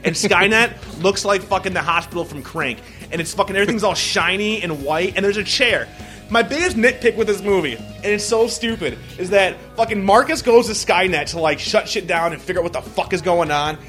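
A man's voice: high-pitched, fairly quick, faint music behind. Rambling, profane man reviewing a movie. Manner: rambling, excitable, heavy swearing and filler words. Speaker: podcast co-host reviewing a movie. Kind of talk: casual profane chat.

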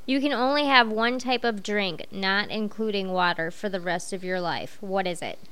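A woman's voice: medium pitch, moderate pace, fairly bright tone, clean tone. A woman on a podcast reading out listener questions in a dry, matter-of-fact way.

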